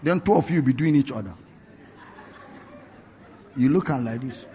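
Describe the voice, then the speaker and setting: A man preaching a sermon, telling stories with animated bursts of laughter and shouting. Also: medium pitch, normal speed, a faint crowd, a little hiss or hum. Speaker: pastor. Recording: dull lo-fi recording.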